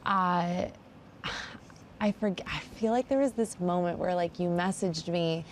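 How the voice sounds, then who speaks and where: A woman's voice: fairly low pitch, a little slow, slight background noise. A woman in her thirties as a podcast guest, talking candidly and reflectively about her past, with frequent "like" fillers. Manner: reflective, confessional, heavy use of "like". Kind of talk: candid conversational podcast chat.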